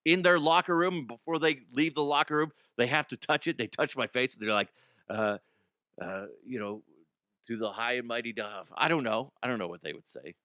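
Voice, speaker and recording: A man's voice: medium pitch, fairly quick, pushed and bright, no echo. Joking sports radio man, dry mic. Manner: joking, self-mocking, jumps into silly voices. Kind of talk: casual sports talk and live-read ad.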